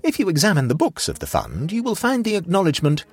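A man narrating a story in a dry, wry, measured way, recorded close to the mic. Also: high-pitched, huge pitch swings, husky, soft background music.

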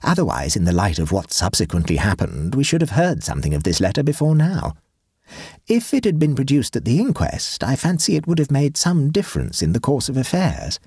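A man voicing Egbert, an earnest, fussy young English gentleman who speaks in a raised, excitable voice. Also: brisk, slightly rough, no room sound, clean studio sound, heavily acted. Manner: earnest, excitable, pitch rising.

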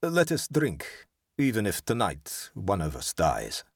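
A proud landowner, stern and clipped, speaking fiercely to his rival, as a man puts him on. The voice swings in pitch and is heard dry and close, as in a storybook reading. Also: huge pitch swings, slow pace, vocal fry, breathy edge, no echo, full character voice.

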